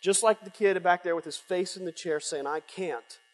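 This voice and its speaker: A middle-aged man giving a heartfelt personal testimony as a conference speaker, halting, with many restarts and a breaking voice. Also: high-pitched. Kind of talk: emotional personal testimony sermon. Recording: long hall reverb.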